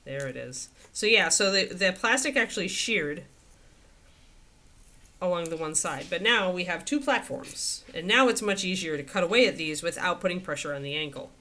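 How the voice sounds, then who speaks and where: A woman's voice: animated, moderate pace, pushed and bright. A woman hosting a casual miniature painting livestream, chatting freely with viewers and breaking off to talk to her dog. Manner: chatty, talks to her dog in a high sing-song voice.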